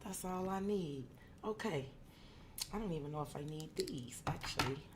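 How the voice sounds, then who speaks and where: A woman tarot reader chatting casually on a live stream, greeting viewers by name and slipping into soft asides. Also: sits low, expressive, moderate pace, a little hiss or hum. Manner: drops into soft asides while fiddling with setup.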